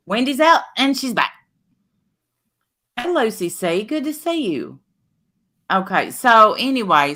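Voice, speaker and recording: A woman, co-hosting a livestream and chatting casually in a jokey, animated way. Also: medium pitch. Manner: animated, jokey, loud at times. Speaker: livestream co-host. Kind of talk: casual gossip chat.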